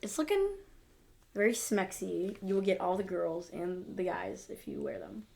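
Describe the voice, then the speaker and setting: A woman co-hosting a podcast in casual chat, playful and quick to laugh. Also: medium pitch, creaky, a little mellow. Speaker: podcast co-host.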